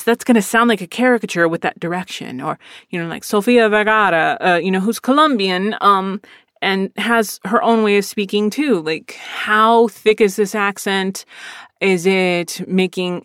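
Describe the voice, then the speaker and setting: A woman voice actor hosts her own podcast in a loose, candid monologue. She swears freely and tells stories with bursts of laughter. The sound is dry, with no room echo. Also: fairly low pitch. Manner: candid, profane, animated storytelling with laughs. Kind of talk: casual solo podcast talk.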